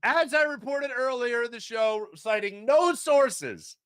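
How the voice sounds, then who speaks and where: A man hosting a sports talk show, ranting with strong opinions and swinging between low grumbles and loud outbursts. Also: expressive, a little slow, smooth, dry recording, clean studio sound. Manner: mocking put-on fan voice at times. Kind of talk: opinionated sports radio rant.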